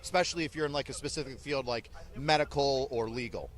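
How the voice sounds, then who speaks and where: A man's voice: medium pitch, quick pace. A man who is an army drill sergeant, telling stories animatedly in an interview and barking out orders. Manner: animated, barks quoted orders. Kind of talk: storytelling in an interview.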